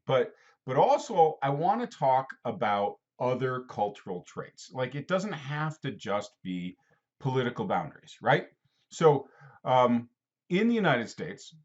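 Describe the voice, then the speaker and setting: A man gives a casual video geography lesson in a rambling, playful way, often addressing the student by name. His pitch jumps around a lot as he talks. The recording sounds dull and lo-fi. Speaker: teacher.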